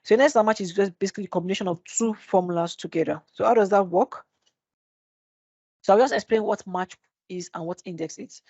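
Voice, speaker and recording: A woman's voice: mid-range voice, brisk, a little mellow, slightly rough, dry recording. A woman leads a live spreadsheet class over a computer mic. She keeps asking the class rhetorical questions and answers them herself. The audio is dry and a bit muffled. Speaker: Excel instructor. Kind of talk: live screen-share tutorial. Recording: dull dry webinar audio.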